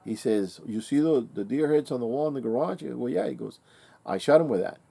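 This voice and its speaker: A man's voice: mid-range voice, lively intonation, fairly quick, gravelly, dark tone. A man casually telling a rambling story, with many fillers and restarts, acting out the quoted dialogue. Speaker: vlogger.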